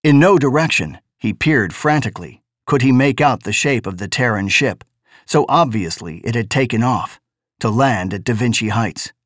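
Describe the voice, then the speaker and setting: A man reading a novel aloud as narrator, in a measured, deliberate way. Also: medium pitch, lively intonation, fairly bright tone, no echo, clean studio sound. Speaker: audiobook narrator.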